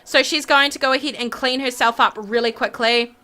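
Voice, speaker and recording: A woman narrating her life-simulation game play in an animated way, gasping and exclaiming as she goes. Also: on the high side, brisk, a little hiss or hum. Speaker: gaming YouTuber.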